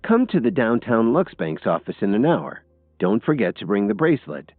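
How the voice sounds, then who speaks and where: A man's voice: fairly low pitch, sing-song, moderate pace, dry recording, pitched above the performer's own voice. A man putting on a teasing, mischievous policewoman. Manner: playful, teasing, mildly smug. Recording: tinny phone-like audio with faint music.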